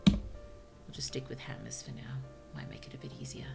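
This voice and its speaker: A woman's voice: rumbling low, very animated, moderate pace, gravelly, in a whisper, music in the background. A woman with an Australian accent chatting casually on a livestream, musing aloud and laughing often. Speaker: streamer and writer.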